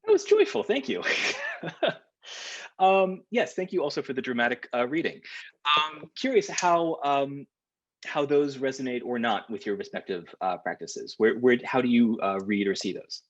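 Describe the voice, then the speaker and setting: A man leading a seminar over a video call, talking in a halting way full of fillers and restarts. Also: medium pitch, dull audio. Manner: hesitant, lots of fillers and restarts. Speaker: workshop leader.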